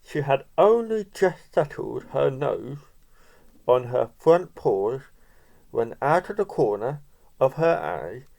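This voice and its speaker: Lively, slow read-aloud storyteller. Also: medium pitch, gravelly. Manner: animated, slow read-aloud with chatty asides and laughs. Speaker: parent reading to a child. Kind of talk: reading a picture book aloud with asides.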